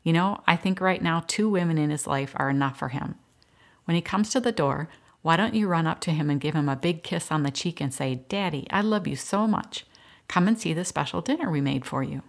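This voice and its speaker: A woman voicing a gentle young woman caring for twin girls, coaxing and warm with them. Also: deep voice, lively intonation, a little fast.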